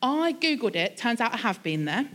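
A woman pastor in her younger years gives a conversational sermon. Her pitch sits a little high and swings widely as she moves between scripture and funny, self-deprecating stories. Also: moderate pace. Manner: lively, chatty storytelling with self-deprecating humor.

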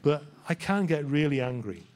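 A man's voice: a little high, expressive, moderate pace, a little mellow. A man, a pastor, preaching a sermon in a church in a conversational way and asking his listeners rhetorical questions.

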